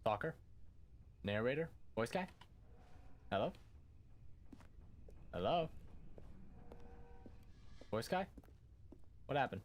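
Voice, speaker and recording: A man's voice: mid-range voice, big pitch swings, slow pace, long pauses. Young guy yapping over a game, jumpy n silly, voice bouncing up n down, lil bit of hiss. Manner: goofy, talks back to the game, easily startled. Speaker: gaming youtuber. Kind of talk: casual gameplay commentary.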